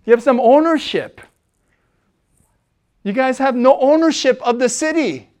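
A man preaching a sermon as a pastor. He talks conversationally with fillers, and swings between loud, emphatic preaching and soft, low asides. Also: expressive, a little slow. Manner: conversational, with fillers and self-corrections.

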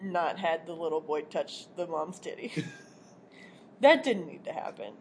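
A woman's voice: low-pitched, expressive, a little slow, darkish tone, slight background noise. Young woman in laughing casual chat. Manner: laughs often, trails off mid-sentence. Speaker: podcast co-host.

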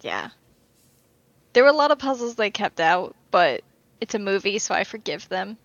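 A woman co-host chatting casually on a podcast, animated and talkative, with the odd swear slipping in. Her voice sits at an ordinary middle pitch. The recording is dry and a little dull, with no room echo. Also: normal speed.

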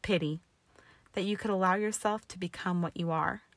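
A woman's voice: fairly low pitch, steady tone, normal speed, dry recording, natural voice. A woman voicing a proud young witch who snaps and scorns in anger. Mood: bitter. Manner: snapping, scornful.

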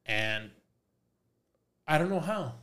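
A man's voice: fairly high pitch, lively intonation, slow, bright, forceful tone. A man, a tattoo artist guest on a podcast, telling a story casually with lots of swearing and sudden switches into Spanish. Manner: profane, switches into Spanish mid-sentence.

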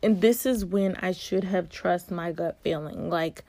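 A woman in her early twenties from Virginia, vlogging a casual storytime with an animated, expressive delivery. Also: fairly low pitch, measured pace, hardly any pauses, dry recording. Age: early 20s.

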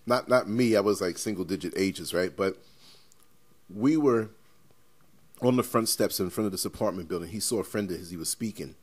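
A man hosting a podcast, telling stories in an animated, emphatic and rambling way. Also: on the low side, moderate pace, slightly rough. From New York. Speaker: podcast host. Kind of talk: casual podcast chat.

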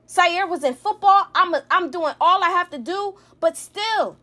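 A woman in her thirties, high-voiced, gives her side of a family fight in an emotional storytime rant, cursing freely. She's animated and unhurried with a sharp tone, rambling and restarting sentences as she works through it.

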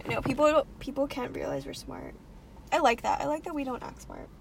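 A woman's voice: sits high, wildly swooping pitch, fairly quick, creaky, background noise. A young woman co-hosting a podcast in casual chat, talking in a valley-girl way and swearing offhandedly. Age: young adult. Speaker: podcast co-host.

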